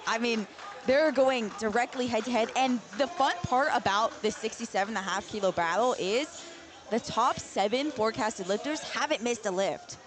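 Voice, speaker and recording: A woman giving live powerlifting commentary, excited and exclaiming at big lifts. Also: on the high side, normal speed.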